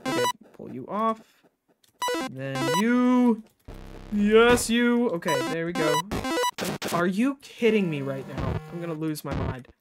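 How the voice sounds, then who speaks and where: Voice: medium pitch, lively intonation, slow. Swearing, exasperated gaming streamer over music. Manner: frustrated, swears a lot, talks to self and chat; swings from muttering to sudden loud outbursts. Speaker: livestreamer. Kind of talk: live gameplay commentary.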